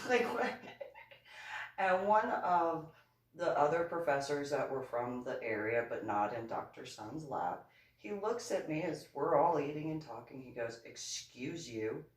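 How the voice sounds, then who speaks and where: A middle-aged woman spins a rambling personal story at an unhurried pace. Her tone is wry and sarcastic, with frequent chuckles and restarted sentences. Her voice sits back from the mic in a roomy space. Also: low voice, animated. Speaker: author and reverend. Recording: roomy, voice from a distance.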